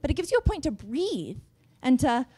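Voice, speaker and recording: A young woman leads a workshop on public speaking, chatty and lively, laughing between her points. Her voice sits a bit high for a woman. She speaks to a room. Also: normal speed. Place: conference room.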